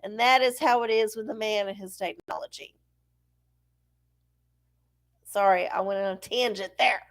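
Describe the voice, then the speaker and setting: A woman's voice: mid-range voice, fairly even intonation, fairly quick, creaky. A middle-aged woman hosting a live-stream oracle show, chatting casually and profanely, rambling off on tangents while sneezy from allergies.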